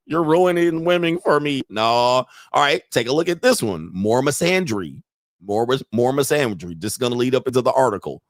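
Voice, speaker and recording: A man's voice: medium pitch, no room sound. A young man running a brash, mocking reaction commentary, his slang loose and his voice in a middle register. The sound is dry and close, with no room in it. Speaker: commentary host.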